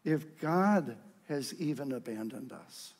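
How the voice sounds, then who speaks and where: A man preaching a sermon as pastor, moving from quiet, earnest talk to fervent, shouted readings of scripture. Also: mid-range voice, lively intonation, slow, big-room sound.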